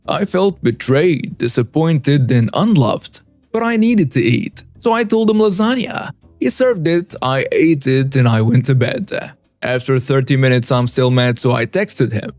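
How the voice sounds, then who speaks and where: A man's voice: medium pitch, lively intonation, a little slow, no room sound. A man narrating a reader-submitted story as scripted narration, reading in short clipped phrases. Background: soft background music.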